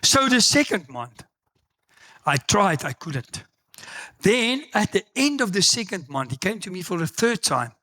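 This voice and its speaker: A middle-aged South African man preaching a sermon, telling personal stories and acting out the dialogue with loud exclamations. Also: high-pitched, unhurried. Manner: animated storytelling, acts out dialogue, exclaims loudly. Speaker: pastor.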